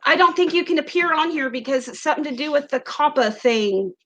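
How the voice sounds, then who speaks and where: A woman's voice: sits high, brisk, fairly bright tone, highs cut off, slight background noise. A chatty woman with an Ozarks accent who hosts a casual livestream, giggling often and reading viewer comments aloud into a webcam mic. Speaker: livestream host.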